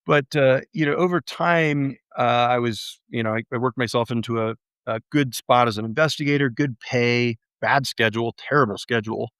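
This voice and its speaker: A man telling his story as an interview guest, halting and restarting often, with lively acted-out quotes. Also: mid-range voice, clean tone, no room sound, studio quality. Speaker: real estate investor guest.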